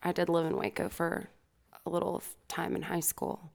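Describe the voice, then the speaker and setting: Young female singer, podcast guest, low voice with vocal fry, relaxed and laughing. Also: moderate pace. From Texas. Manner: easygoing, laughs often. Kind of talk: casual interview chat. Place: home studio.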